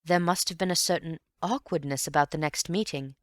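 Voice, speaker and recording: A woman voicing a polite, curious young gentleman investigator in an audiobook, speaking cautiously. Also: sits low, brisk, no room sound, clean studio sound, lightly acted. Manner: courteous and cautious. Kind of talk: audiobook character voice.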